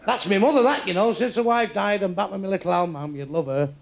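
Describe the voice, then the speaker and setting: A man's voice: high voice, fast talker, vocal fry, a little hiss or hum. A man, telling crude jokes in a brash stand-up routine. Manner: crude, brash, swears freely. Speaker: stand-up comedian.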